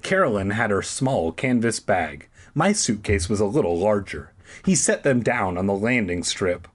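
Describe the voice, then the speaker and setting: A man reading a story aloud for comedy, with sarcastic, profane, deadpan asides. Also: lowish voice, moderate pace, slightly rough. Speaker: audiobook reader.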